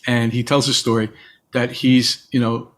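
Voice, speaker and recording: A man's voice: mid-range voice, level tone, normal speed. A man guest in a reflective conversation, telling stories and acting out the voices of people he quotes. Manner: storytelling, acts out quoted voices. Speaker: interview guest.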